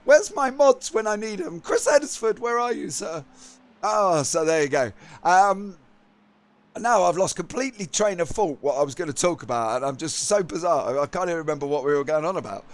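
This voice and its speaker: A man's voice: high-pitched, lively intonation, a little fast. A man hosting a live sim racing stream, chatting with his viewers and laughing at himself, tired after a long day. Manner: chatty, laughing, self-mocking. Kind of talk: live stream commentary and chat.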